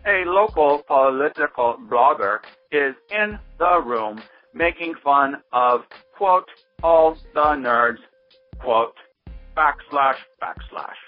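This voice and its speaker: Robot android, voiced by a man, slow and mechanical, dull lo-fi sound, soft music under it. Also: a little high, expressive, no room sound. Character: robot android reading a listener letter, flat and slow. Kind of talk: reading a listener letter in a robot voice.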